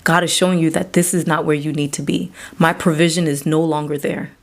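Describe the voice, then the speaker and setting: A woman's voice: low-pitched, flat delivery, brisk. A woman therapist and psychiatric provider speaking earnestly to camera about faith and mental health, in a conversational way that acts out back-and-forth dialogue.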